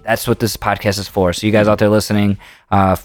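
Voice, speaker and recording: A man's voice: fairly low pitch, flat delivery, quick pace, no room sound. A man hosting a podcast, wrapping up with a guest in a laid-back, casual way. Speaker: podcast host.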